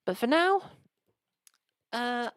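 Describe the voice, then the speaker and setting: A woman's voice: on the high side, lively intonation, drawn-out words, clean tone, no room sound. Chatty woman streaming games. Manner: rambling, chatty, lots of restarts and asides. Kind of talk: casual live game stream chat.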